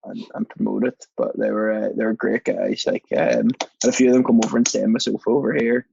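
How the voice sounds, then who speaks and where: A man's voice: fairly low pitch, level tone, fast, vocal fry, darkish tone, slightly rough, dry recording. A young man with a Northern Irish accent, a podcast guest telling rambling anecdotes in a casual chat. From Belfast, Northern Ireland. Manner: chatty, rambling anecdotes with frequent laughs. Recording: dull, dry podcast recording.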